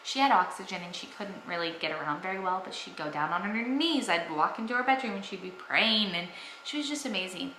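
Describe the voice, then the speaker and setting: A woman's voice: mid-range voice, expressive, brisk, sharp tone, reverberant, slight background noise, poor audio. A young woman vlogging at home, talking earnestly and enthusiastically about her faith to the camera. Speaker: family vlogger. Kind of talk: casual faith talk to camera.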